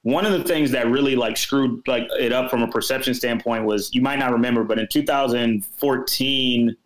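A man from Houston, Texas, guest on a political podcast, talking in a casual, animated and emphatic way. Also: medium pitch, normal speed, low-quality recording.

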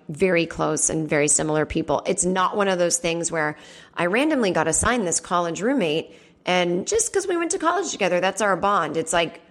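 A woman hosting a comedy podcast from home, chatting casually and rambling with lots of fillers and asides. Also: fairly low pitch. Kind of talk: casual solo chat.

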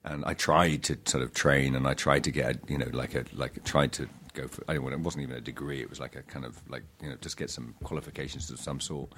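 A middle-aged man, an actor telling stories in an interview, halting and self-deprecating with many restarts. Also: rumbling low, steady tone, fairly bright tone, husky. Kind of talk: casual interview storytelling.

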